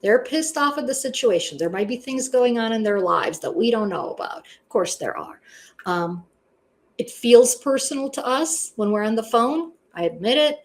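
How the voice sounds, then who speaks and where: A woman's voice: fairly high pitch, expressive, moderate pace. A woman teaching an online class in a blunt, conversational way, with many "you know" asides. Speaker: instructor. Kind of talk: casual online class lecture.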